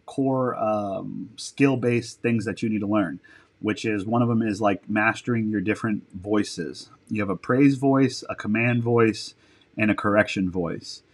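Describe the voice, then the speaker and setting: A military dog handler appearing as a podcast guest tells stories in a fairly low, a little slow voice. The casual interview storytelling rambles, with offhand swearing and mid-sentence self-corrections.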